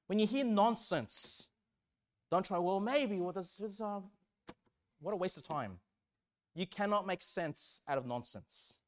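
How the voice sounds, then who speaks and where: Fervent high-pitched preacher man. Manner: emphatic, swings from loud fervor to quiet asides. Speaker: pastor. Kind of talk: sermon.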